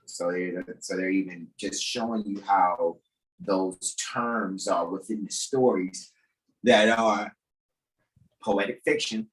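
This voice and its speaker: A man's voice: fairly low pitch, low-quality recording. A man commenting casually on a reading and playfully handing the floor back. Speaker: co-reader in a study session.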